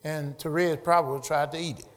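A middle-aged male pastor preaching a sermon, building to loud shouted passages and calling out to the congregation. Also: fairly high pitch, fairly even intonation, a little fast, long reverb tail. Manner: preaching with rising shouts and call-and-response. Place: church sanctuary.

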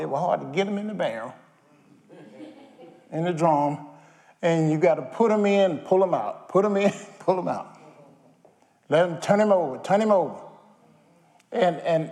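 Man, sermon, questioning the congregation, slightly high voice, reverberant hall. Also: gravelly, a little mellow. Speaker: preacher.

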